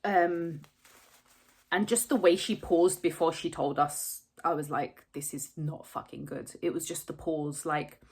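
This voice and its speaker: A woman's voice: fairly low pitch, measured pace, husky. A woman, telling a personal story to camera close to tears, candid and rambling, swearing freely. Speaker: vlogger.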